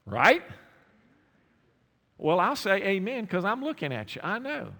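High-voiced bright preacher in a reverberant hall. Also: male voice, wildly swooping pitch, measured pace. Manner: preaching with rhetorical questions to the congregation. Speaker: pastor. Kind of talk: sermon. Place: church sanctuary.

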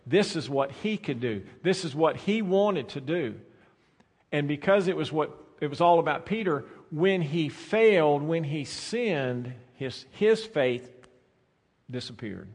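Man, pastor, sermon, dynamic delivery, slightly high voice, echoing church hall. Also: expressive, unhurried, husky. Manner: dynamic preaching, swings from soft to loud. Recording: long reverb of a large hall.

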